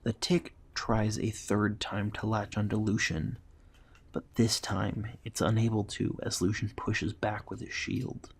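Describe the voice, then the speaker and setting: A man's voice: lowish voice, gravelly, slightly rough. A man steadily narrating a fantasy adventure story as its storyteller.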